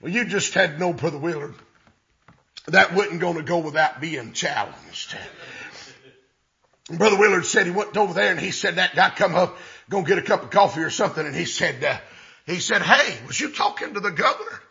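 A man preaching a storytelling sermon, folksy and drawn out, building up to shouted exclamations. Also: fairly high pitch, moderate pace, vocal fry, long pauses, highs cut off.

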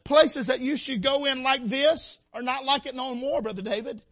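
An impassioned man delivering a sermon in plain, down-home speech. His voice sits unusually high and rings bright and forceful. He keeps asking the congregation whether they are listening. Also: normal speed. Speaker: preacher.

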